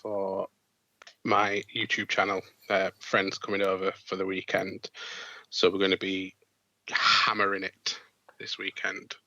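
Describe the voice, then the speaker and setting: Yorkshire man, podcast co-host, low, bright, even delivery. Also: no room sound, muffled recording. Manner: relaxed, a little halting, repeats words. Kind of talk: casual podcast chat.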